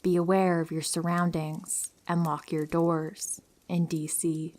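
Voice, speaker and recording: Soft-spoken woman reading horror stories. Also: slow. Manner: calm, low-key reading with hushed whispery stretches. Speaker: narrator reading listener stories. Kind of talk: soft scripted storytelling for sleep.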